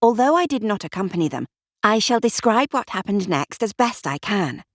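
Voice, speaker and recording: A woman narrating a mystery audiobook with expressive storytelling. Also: mid-range voice, normal speed, no echo, clean studio sound.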